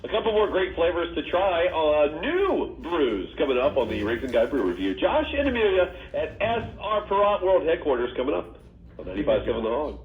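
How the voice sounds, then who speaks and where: A jokey male radio host chats and laughs through casual banter, his pitch swinging up and down. The sound is thin and phone-like with an echoey room around it. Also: a little fast. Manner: jokey, lively, laughs often. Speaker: radio morning show host.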